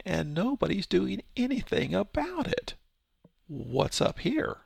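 Gravelly man teaching scripture casually. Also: high-pitched, no echo. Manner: conversational, explains with rhetorical questions and paraphrase. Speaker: Bible teacher. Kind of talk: casual verse-by-verse Bible teaching.

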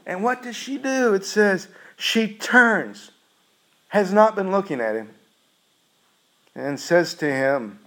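A male preacher delivers a sermon with earnest emphasis. His voice sits a little high for a man, and he moves through the story at an unhurried, deliberate pace. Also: expressive, bright, forceful tone, rough recording.

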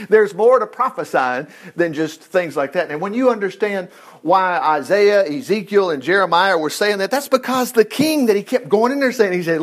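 A middle-aged male pastor delivering a loose, conversational sermon. His voice sits high and leaps around in pitch, full of folksy asides and chuckles. He talks to the congregation like old friends. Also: expressive, a little fast. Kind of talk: informal sermon.

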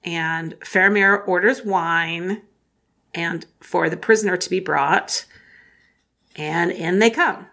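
A woman co-hosting a casual book discussion, animated, reading passages aloud between comments. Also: on the low side, slow pace. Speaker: podcast co-host.

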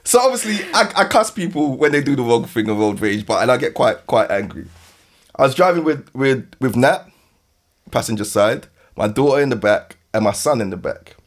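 A man in his thirties with a London accent, hosting a podcast and telling an animated story with frequent laughs. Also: medium pitch, moderate pace. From West London. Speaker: podcast host. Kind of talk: casual storytelling chat.

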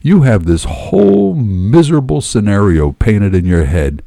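A man voicing a gruff, streetwise male drifter who talks bluntly and swears, as a character in a narrated story. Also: on the low side, very animated, measured pace, warm tone, no room sound, clean studio sound, heavily acted. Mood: insistent.

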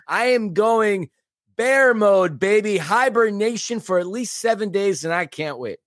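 A man's voice: high-pitched, lively intonation, unhurried, a bit bright, no room sound, clean studio sound. A man co-hosting a casual soccer podcast, speaking emphatically and with strong opinions. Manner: emphatic, opinionated fan talk. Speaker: podcast co-host. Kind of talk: casual chat.

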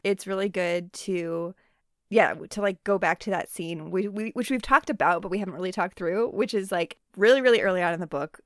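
A woman co-hosting a casual book chat, retelling scenes with quick acted asides. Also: medium pitch, a bit bright, dry recording, clean studio sound. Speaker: podcast co-host.

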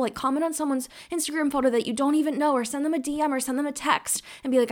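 A woman's voice: sits high, steady tone, fast. A young woman, hosting her own podcast alone, talking in a rambling, heartfelt way full of fillers and close to tears. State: tearful, near crying. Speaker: podcast host. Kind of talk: solo podcast monologue.

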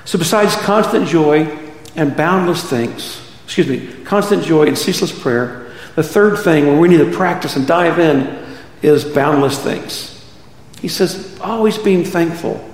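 A man's voice: a little high, normal speed. A middle-aged male pastor preaching a conversational sermon, peppered with rhetorical questions to his congregation. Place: church sanctuary. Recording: echoey hall reverb.

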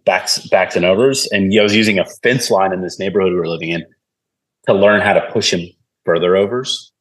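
A man's voice: low-pitched, brisk. A man, a podcast guest, telling stories in a casual chat and acting out the voices of people he quotes. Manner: animated, acts out quoted voices.

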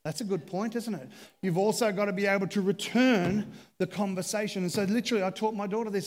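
A man's voice: high-pitched, quick pace, big-room sound, slight background noise. A man preaching a humorous sermon as pastor, chatty and self-deprecating as he jokes with the congregation from a church stage.

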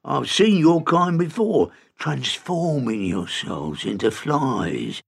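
A man voicing a huge, suspicious innkeeper who booms and roars in a storybook reading. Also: sing-song, takes it slowly, creaky, slightly rough, exaggerated voice. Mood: angry. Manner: booming, roaring. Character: enormous angry innkeeper man, booming and suspicious.

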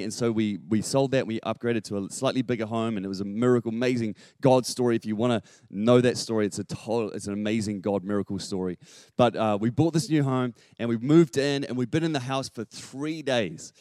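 A middle-aged man, preaching a sermon and telling a family story with lively acted-out quotes. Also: mid-range voice, dry recording, clean studio sound. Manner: animated, acts out quotes with rising volume. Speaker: pastor.

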